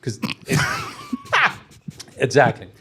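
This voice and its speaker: A man's voice: mid-range voice, wildly swooping pitch, very slow, pushed and bright, slight background noise. A man talking through ads in a casual panel chat, with lots of fillers and restarts. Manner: hesitant, many fillers and restarts. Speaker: podcast panelist.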